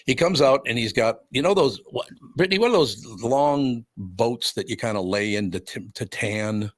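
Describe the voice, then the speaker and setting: A man's voice: mid-range voice, normal speed, dry recording, studio quality. An older man hosting a radio talk show, telling wry stories with frequent chuckles. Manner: storytelling, wry, chuckles often. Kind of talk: casual chat.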